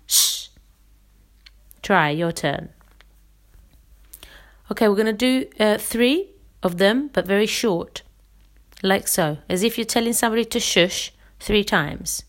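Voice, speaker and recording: A woman leads a breathing lesson for singers at an unhurried pace, pausing between steps. Her voice sits at an ordinary middle pitch, and her instructions are calm and clear. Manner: slow, calm, instructive, counts and demonstrates. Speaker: singing teacher. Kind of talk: guided breathing exercise lesson.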